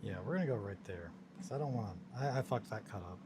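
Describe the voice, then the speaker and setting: Low-voiced man chatting while painting miniatures. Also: lively intonation, quick pace, background noise. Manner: rambling, chatty, self-amused. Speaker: hobby streamer. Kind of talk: casual live-stream chat while working on miniatures.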